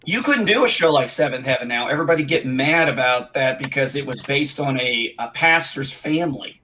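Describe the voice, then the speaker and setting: Bright, forceful man chatting. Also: mid-range voice, animated, a little fast, a little hiss or hum, rough recording. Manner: chatty, emphatic. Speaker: chat show panelist. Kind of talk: casual chat about old TV shows.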